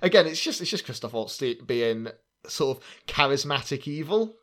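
A man casually recapping a movie with friends, animated and laughing often. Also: mid-range voice, moderate pace, a little hiss or hum. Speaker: podcast co-host.

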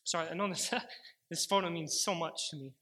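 A young man preaches a sermon built around a personal testimony. His voice sits high and sounds bright and forward. He tells the story earnestly and slows down when he quotes his prayers. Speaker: pastor.

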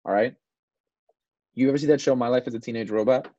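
Husky young man rambling crude stories. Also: mid-range voice, steady tone, fast, mellow, dry recording, highs cut off. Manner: rambling, swears a lot, says "bro" and "like". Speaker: podcast co-host. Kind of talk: casual crude podcast banter.

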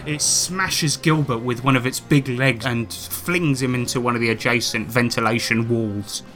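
Bright-voiced man running a tabletop game. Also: medium pitch, fairly even intonation, normal speed, faint music behind. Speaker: game master.

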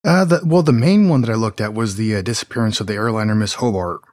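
Hesitant low-voiced male co-host. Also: fast talker, a little mellow. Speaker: podcast co-host. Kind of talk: casual podcast chat.

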